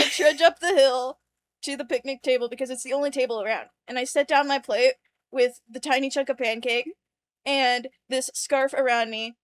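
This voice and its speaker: A woman's voice: sits high, normal speed. A woman co-hosting a casual podcast, telling a long dream story and acting out the people in it. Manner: animated storyteller acting out quoted voices. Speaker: podcast co-host.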